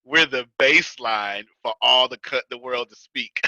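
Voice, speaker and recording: A man's voice: medium pitch, noisy background. An American man with a Texas accent, teaching a class in a folksy, joking, colloquial way. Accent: Texas, Houston area. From United States. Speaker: business coach teaching a class. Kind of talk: casual teaching talk to a live audience.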